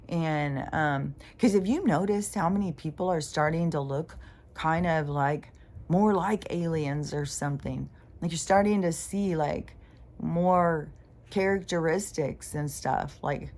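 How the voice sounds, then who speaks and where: A woman with a notably low voice talks in a loose, meandering monologue. She circles back on her thoughts, restarts often and swears freely as she goes. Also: darkish tone. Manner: meandering, profane, full of fillers and restarts. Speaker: spiritual vlogger. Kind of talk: rambling casual monologue.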